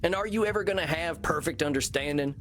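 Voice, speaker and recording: A man's voice: fairly high pitch, fast talker, a bit bright, close to an everyday voice. A man playing a drawling therapist. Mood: folksy. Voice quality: folksy drawl. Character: folksy easygoing male cowboy therapist. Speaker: therapist in a video game. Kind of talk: video game voice acting.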